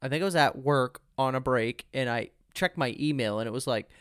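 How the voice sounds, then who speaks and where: A man's voice: mid-range voice, a little fast, hardly any pauses, a bit bright, clear, resonant tone, dry recording, clean studio sound. A man hosting a podcast, telling a long personal story in casual chat with some fillers. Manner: earnest storyteller, many fillers. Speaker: podcast host.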